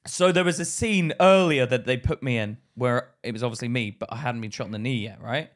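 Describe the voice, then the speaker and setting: A fairly quick, mid-range male voice belongs to a podcast co-host in casual conversation. He tells stories with animation, acting out what people said and laughing a lot.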